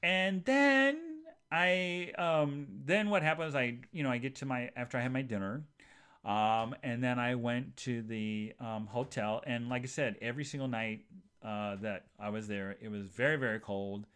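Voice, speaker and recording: A man hosting a podcast, telling a long rambling story in a chatty, animated way with many asides to his listeners. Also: moderate pace, smooth. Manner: rambling and animated, jumps to high voices for quoted people. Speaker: podcast host. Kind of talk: casual monologue storytelling.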